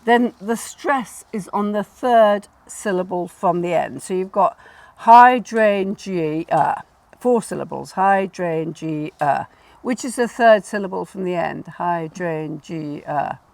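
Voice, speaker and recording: A woman's voice: mid-range voice, normal speed, vocal fry, few pauses, a little mellow, no echo. Woman explaining with laughs. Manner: instructive, laughs easily, repeats words for emphasis. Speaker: garden designer and host. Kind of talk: casual explanatory chat.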